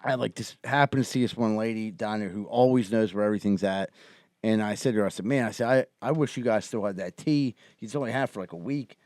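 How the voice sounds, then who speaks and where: Rambling podcast host. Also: male voice, lowish voice, fast, a little mellow, no room sound, studio quality. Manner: loose rambling anecdotes, laughs a lot. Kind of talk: casual chat.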